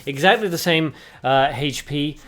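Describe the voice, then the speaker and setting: Speaking a little slowly, this man has a high-leaning, fairly bright voice. He hosts a livestream where he commentates a card game tournament play by play, joking around with chat and answering viewers as he goes.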